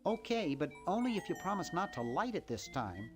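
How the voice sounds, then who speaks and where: An easygoing game hero. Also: male voice, sits high, big pitch swings, brisk. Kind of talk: game character dialogue. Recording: game audio over music.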